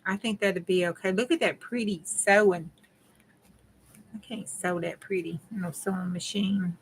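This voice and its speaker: A woman hosting a crafting channel chats with viewers as she works, her Southern country drawl chopping words once she's rolling. She has a steady, mid-range voice at a slightly slow pace. The rough recording has a little hiss or hum.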